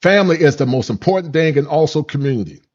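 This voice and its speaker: A man's voice: fairly high pitch, expressive, fast, a little mellow, dull audio. A man in his fifties hosting reaction commentary, preachy and repetitive, laughing at his own points and using folksy slang. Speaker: channel host and commentator.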